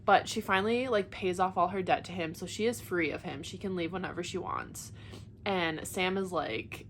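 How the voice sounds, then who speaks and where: A woman's voice: lowish voice, moderate pace, slight background noise. A young woman vlogging about a book series she is rereading, chatting with many filler words and reading passages aloud. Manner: gushing, excitable, many "like" fillers. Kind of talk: casual chat and reading aloud.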